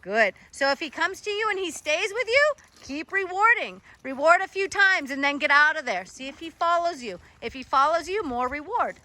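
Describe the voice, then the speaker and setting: A woman's voice: sits high, expressive, normal speed, sharp tone. A woman dog trainer coaching a trainee in an encouraging, instructive way.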